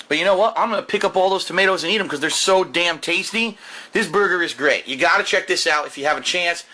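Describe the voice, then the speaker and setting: A man's voice: a little high, bright, forceful tone. A man casually reviewing a burger at home for his vlog, talking enthusiastically and repeating his points, with the camera mic set down in front of him. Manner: enthusiastic, emphatic, repeats himself. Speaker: food reviewer vlogger. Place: at home, indoors. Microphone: camera mic, set down while eating.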